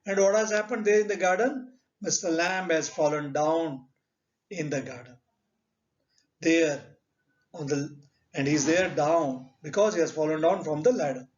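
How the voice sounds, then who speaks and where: A man with an Indian English accent teaching a literature lesson, speaking slowly and deliberately and asking rhetorical questions. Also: a little high. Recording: dull lo-fi recording.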